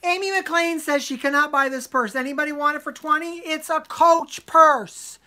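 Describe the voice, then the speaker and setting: A woman co-hosting a live online sale, calling out bids in brisk, teasing casual chat. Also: high voice, steady tone, sharp tone, a little hiss or hum.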